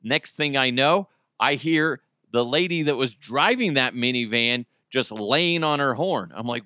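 A man in his thirties hosting a podcast, telling a story in casual chat, animated and profane, with his voice jumping up in outbursts, on a close microphone. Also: mid-range voice, measured pace, clean tone, dry recording. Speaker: podcast host. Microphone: close studio microphone.

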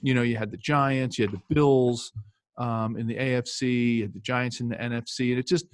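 This former professional football player, now in his fifties, rambles through casual stories full of fillers and false starts. He speaks briskly in a mid-range voice with fairly even intonation, captured in a dry recording.

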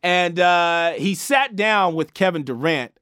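A man's voice: high-pitched, lively intonation, slow, a bit bright, clean tone, dry recording, studio quality. A man hosting a sports talk show, giving emphatic, casual opinions with lots of slang and restarts.

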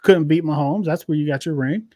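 A man in his thirties riffs on the week's games with a teasing, loose, swear-happy ease. His voice sits a little high and sounds close and dry, with no room around it. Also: brisk, dark tone, no room sound. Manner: joking, teasing, swears freely. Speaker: podcast co-host. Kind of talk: casual sports chat.

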